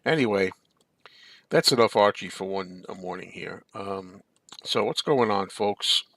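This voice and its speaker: A man's voice: fairly low pitch, unhurried, a bit bright, no room sound. A man hosting a casual live-stream chat, rambling and answering viewer comments. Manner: rambling, chatty, reads viewer comments aloud. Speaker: show host.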